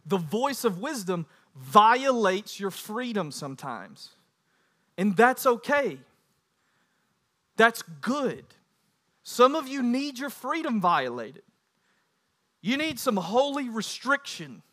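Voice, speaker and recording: Male pastor, 30s, sermon delivery: high bright voice, emphatic and animated. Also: slow pace, pauses often. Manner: animated preaching, rising to loud emphatic bursts.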